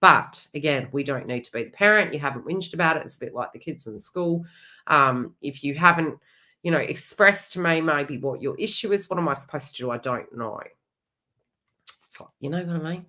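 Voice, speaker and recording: A woman's voice: low-pitched, brisk, sharp tone. A middle-aged woman hosting a live psychic reading, talking in a chatty, blunt and frank way with some mild swearing. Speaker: psychic medium host.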